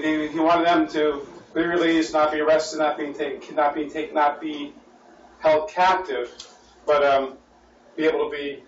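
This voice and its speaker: A man with an American accent leading a church Bible study as pastor, repeating his words as he thinks and asking the class questions. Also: fairly high pitch. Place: church meeting room. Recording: roomy, distant, dull and lightly noisy.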